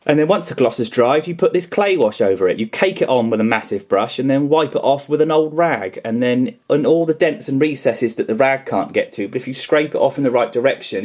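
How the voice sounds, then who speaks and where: A man chatting casually to camera in a vlog, his voice sitting at an ordinary middle pitch. He rambles and jokes at his own expense. His enthusiasm for making things comes through as he talks about his hobby. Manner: rambling, self-deprecating, enthusiastic. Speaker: toy customiser and vlogger.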